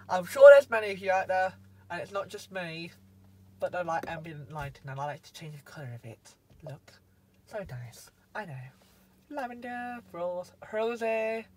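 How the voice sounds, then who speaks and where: A man's voice: sits high, normal speed, slight background noise, low-quality recording. A man reviewing a car from inside it, talking in a chatty, rambling way and often cutting himself off mid-sentence. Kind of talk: casual car review vlog.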